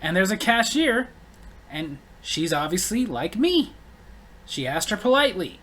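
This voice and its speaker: A man's voice: high voice, big pitch swings, a little slow, fairly bright tone. A man tells a story in a casual, spoken rant. He sounds blunt and exasperated, and he leans hard on his complaints. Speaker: storyteller vlogger.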